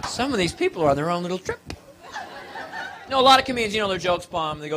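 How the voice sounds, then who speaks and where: A man's voice: high-pitched, animated, fast. A man doing a live stand-up comedy set on a club stage, playful and self-mocking.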